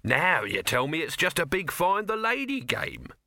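A man's voice: a little high, wildly swooping pitch, moderate pace, gravelly, sharp tone, no echo, studio quality, voice pushed up, heavily acted. A man voicing a scheming middle-aged male huckster who dodges and wheedles, in an audiobook reading. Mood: curious.

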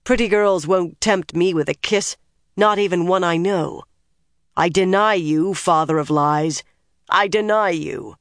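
A man's voice: sits high, measured pace, fairly bright tone, dry recording, studio quality. A narrator voicing a tired, angry young man who sneers and makes demands. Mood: shouting.

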